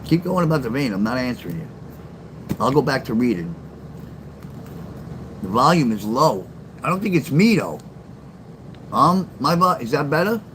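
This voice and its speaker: A man's voice: mid-range voice, sing-song, moderate pace, long pauses, a little hiss or hum, poor audio. Profane older man telling stories. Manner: blunt and profane, acts out quoted lines loudly. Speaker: live-stream storyteller reading his memoir. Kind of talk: casual storytelling. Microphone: phone.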